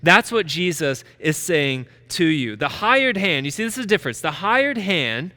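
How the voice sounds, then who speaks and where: A male pastor delivering a sermon in a bright, ringing voice pitched a little above the usual. He talks with emphasis and drives his points home by repeating key phrases. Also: sing-song, moderate pace.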